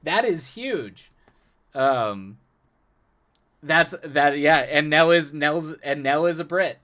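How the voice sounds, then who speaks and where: A man's voice: a little high, animated, slow pace, a bit bright. A man talking casually as a live streamer, chatting with viewers, often laughing and repeating words as he restarts his sentences.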